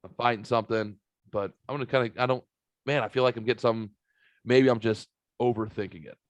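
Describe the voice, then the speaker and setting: Animated man telling a story, dry close sound. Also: mid-range voice, fairly quick, no echo, lo-fi sound. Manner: animated, swearing, acts out quotes. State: recovering from a sinus virus. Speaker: podcast host. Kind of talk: casual storytelling chat.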